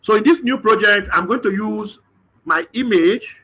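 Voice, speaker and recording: A man's voice: high voice, normal speed, bright, forceful tone, breathy edge. A man presents a webinar, thinking aloud through a live screen-share demo with hesitant fillers.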